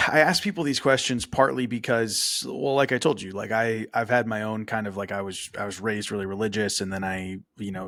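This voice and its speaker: A man's voice: fairly low pitch, fairly bright tone. A man hosting a podcast interview, giving short encouraging replies and reflecting on his own experience. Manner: brief encouraging backchannels, reflective. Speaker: podcast host. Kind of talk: casual interview.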